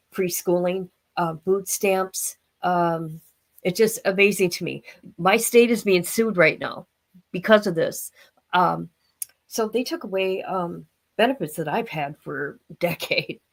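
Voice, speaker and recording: A woman's voice: fairly low pitch, gravelly. An older woman hosting a casual livestream, rambling and talking straight to her viewers. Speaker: livestream host.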